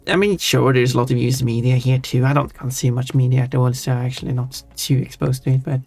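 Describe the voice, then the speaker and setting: While drawing on stream, this man chats loosely and thinks out loud, frequently stopping to fix what he just said. His mid-range voice is steady, quick and darkish, with faint music playing behind him.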